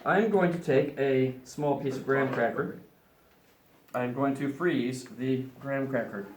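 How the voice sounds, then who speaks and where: A man's voice: mid-range voice, a little slow, slight background noise. Playful man demonstrating science in an echoey classroom. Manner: playful, explains each step aloud. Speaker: science teacher. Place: classroom with students.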